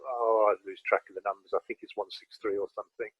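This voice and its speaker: A man's voice: fairly low pitch, steady tone, fast talker, slightly rough, no room sound. Hesitant male host on a dull video call. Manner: hesitant, chatty, with filler words. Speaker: interview host. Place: home, remote conversation.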